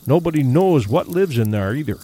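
A man voicing a grim, uneasy male backwoods guide from Canada, who talks in folksy, rough backwoods grammar. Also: medium pitch, expressive, brisk, dark tone.

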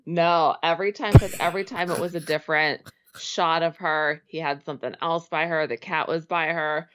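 A young woman co-hosting a casual movie podcast, giggly and animated as she retells scenes. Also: low-pitched, normal speed. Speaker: podcast co-host.

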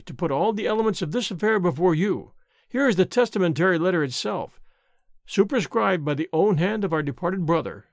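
An earnest old minister who lectures in a solemn, sermonizing way, as a man reads him aloud for an audiobook. The voice sits high and swings widely, and the sound is close and dry. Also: no room sound. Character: kindly old Scottish country minister, earnest. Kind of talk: audiobook reading.

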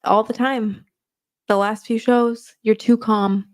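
A woman's voice: on the high side, fairly even intonation, takes it slowly. A woman co-hosting a live dog-training Q&A, reading viewer questions and chatting with the host, often laughing and teasing him. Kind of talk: casual live Q&A.

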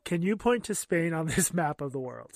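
A man's voice: on the high side, expressive, moderate pace, gravelly, no room sound, studio quality. A man co-hosting a podcast in casual chat, with a wry, sardonic manner. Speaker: podcast co-host.

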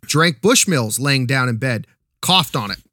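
Lively bright-voiced man chatting. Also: medium pitch, unhurried, no echo, clean studio sound. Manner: animated, laughing, profane. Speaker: podcast co-host. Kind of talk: casual chat.

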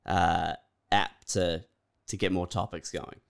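A man's voice: sits low, level tone, slow, gravelly, smooth. A man co-hosting a comedy podcast, laid-back, giving short replies and laughing easily. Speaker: podcast co-host. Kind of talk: casual comedy podcast chat.

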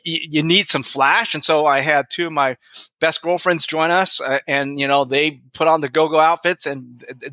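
Middle-aged male interview guest, bright slightly higher voice, rambles with fillers and chuckles. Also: no room sound. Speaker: guest author. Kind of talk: casual interview chat.

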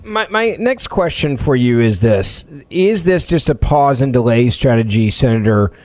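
A man's voice: mid-range voice, expressive, moderate pace, a little mellow. A man co-hosting a political podcast, earnestly putting long, winding questions to his guest. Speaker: podcast co-host. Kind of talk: interview questioning.

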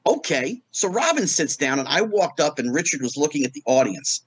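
A middle-aged man with a husky, slightly raised voice tells stories as a guest in a casual interview. He is animated and acts out the quoted voices in his stories, swinging his pitch up and down as he goes. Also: a little fast, no echo.

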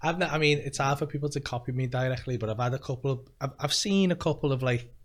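A man's voice: mid-range voice, fast talker. A man hosting a podcast, chatting loosely, mocking himself and swearing casually. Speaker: podcast host. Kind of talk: casual chat.

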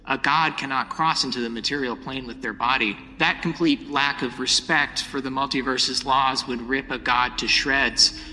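Man voicing eerie bright robot villain, hall reverb. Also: medium pitch, fairly even intonation, moderate pace, few pauses. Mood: ominous. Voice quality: cold, eerily polite, lecturing. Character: creepy calm male robot villain leader. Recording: long reverb, faint hiss.

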